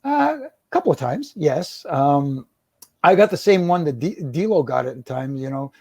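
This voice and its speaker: A man's voice: fairly high pitch, sing-song, moderate pace, gravelly, darkish tone, breathy edge, no echo. A middle-aged man, a former wrestling referee, tells rambling stories in an interview, restarting his sentences and chuckling. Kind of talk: storytelling in an interview.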